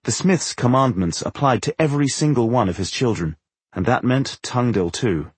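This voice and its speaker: A man narrating a fantasy audiobook in an expressive storytelling manner, with a husky voice. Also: medium pitch, normal speed, no room sound.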